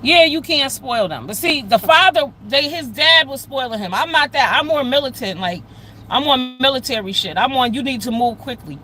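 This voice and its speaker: A woman talking bluntly and loudly with lots of swearing in a casual livestream rant, speaking straight to her chat. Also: high voice, lively intonation, moderate pace, slight background noise, low-quality recording. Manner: blunt, loud and profane; addresses chat viewers directly. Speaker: live streamer.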